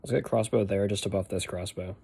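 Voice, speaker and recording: A man's voice: fairly low pitch, fairly even intonation, brisk, gravelly, a little mellow, breathy edge. A young man from the northeastern United States with a Boston accent, chatting casually on a game stream, rambling and answering his chat while he plays.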